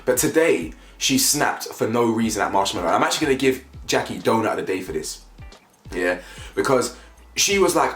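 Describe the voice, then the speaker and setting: A man giving casual, animated commentary as a reality TV reviewer, often repeating himself and asking "you know what I'm saying". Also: medium pitch, fairly quick. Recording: echoey room with faint music.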